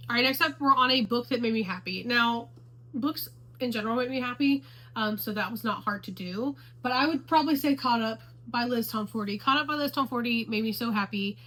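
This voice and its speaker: A woman's voice: fairly high pitch, brisk, a bit bright, poor audio. A woman chatting casually to the camera about books she loves. She gushes and repeats herself for emphasis. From Houston, Texas area. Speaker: book vlogger.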